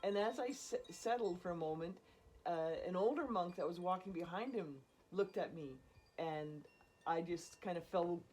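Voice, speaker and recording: A woman casually telling a personal story in an animated way, often laughing and acting out what people said. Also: fairly low pitch, normal speed, slight background noise. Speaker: storyteller guest.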